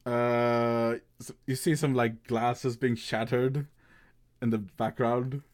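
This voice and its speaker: A man's voice: medium pitch, steady tone, slow pace, darkish tone. A man narrating a tabletop game as game master, rambling with lots of fillers.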